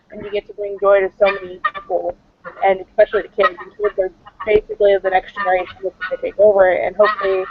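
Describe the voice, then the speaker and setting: A woman's voice: medium pitch, vocal fry, no echo. A chatty woman cosplayer talks through her answers, rambling a little and leaning on fillers. The sound is muffled and lo-fi, dry, with no room around it. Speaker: cosplayer guest. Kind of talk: casual interview answers. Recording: dull lo-fi dry recording.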